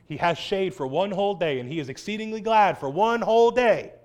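A man preaching a sermon in an animated, wry way, acting out voices as he quotes. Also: high-pitched, fairly quick.

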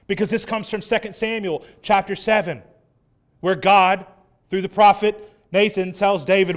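Male preacher with a high voice, dramatic sermon reading. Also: steady tone, moderate pace. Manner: dramatic scripture reading, swelling loud then dropping soft. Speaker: pastor.

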